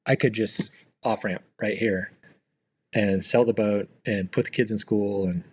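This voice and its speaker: A middle-aged man, a retired Marine aviator, telling his story as a guest in a relaxed, rambling way with many fillers. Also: lowish voice, measured pace, husky, lo-fi sound. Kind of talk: casual storytelling interview.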